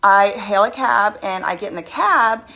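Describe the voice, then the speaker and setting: A woman in a storytime vlog, shaken and tense, rushing through her retelling with lots of "like". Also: mid-range voice, vocal fry, lo-fi sound. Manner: tense, rushed retelling full of "like". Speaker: vlogger.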